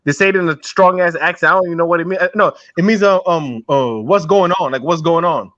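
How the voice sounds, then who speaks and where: A man's voice: on the high side, quick pace, a bit bright, no room sound, muffled recording. A man joining a casual comedy chat, hesitant and stammering with lots of fillers.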